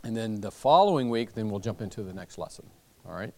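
A man's voice: fairly low pitch, animated, brisk. A man teaching a church Bible class, talking loosely with many fillers and restarts.

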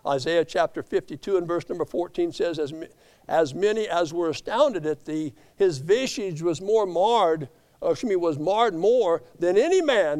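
Preacher, male, voice sitting high, sermon delivery that builds from hushed to fervent, stumbles and corrects scripture quotes. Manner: swings from hushed low tones to raised impassioned climaxes. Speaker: pastor.

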